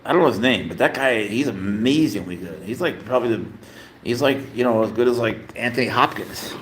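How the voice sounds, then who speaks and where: This man livestreams casually from his home, addressing his cat and his audience in rambling, filler-heavy talk. His medium-pitched voice is animated and brisk, with a little hiss or hum in the recording.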